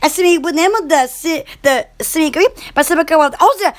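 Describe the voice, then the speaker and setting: A woman's voice: sits high, fairly quick. A woman hosting a casual home shopping livestream, rambling and giggly, full of exclamations and blown kisses to her viewers. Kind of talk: casual live-stream chat.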